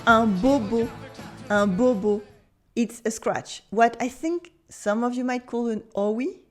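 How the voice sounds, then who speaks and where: Slow, higher-voiced French woman teaching. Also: faint music behind. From France. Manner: slow, careful enunciation with repeat-after-me prompts. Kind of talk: pronunciation lesson.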